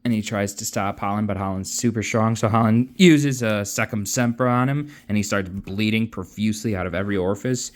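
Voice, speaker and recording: A man's voice: lowish voice, fairly quick, hardly any pauses. A man casually recapping a novel's plot in a chatty, offhand way, acting out quotes. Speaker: book recapper.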